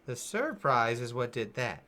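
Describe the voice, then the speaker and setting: Brief: male game master, bright forceful tone, playful narration. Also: medium pitch, big pitch swings, a little slow, a little hiss or hum.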